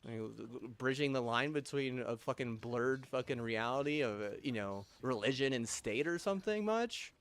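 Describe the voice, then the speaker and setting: A man's voice: medium pitch, lively intonation, fairly bright tone. A young man in a rambling, angry rant, swearing constantly and stopping to restart his sentences. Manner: angry, heavy swearing, halting restarts and fillers.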